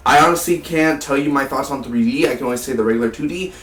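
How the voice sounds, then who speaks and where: A man's voice: mid-range voice, quick pace, fairly bright tone. A man giving a rambling, casual movie review for his vlog, full of fillers and repeated "man". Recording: roomy, distant from the mic.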